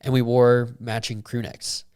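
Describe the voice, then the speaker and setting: Young guy on a chatty podcast, lots of likes and ums, gets loud and excited telling stories, mid voice. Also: mid-range voice, measured pace, clear, resonant tone. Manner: rambling, lots of fillers, animated when retelling. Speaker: podcast co-host. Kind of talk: casual chat.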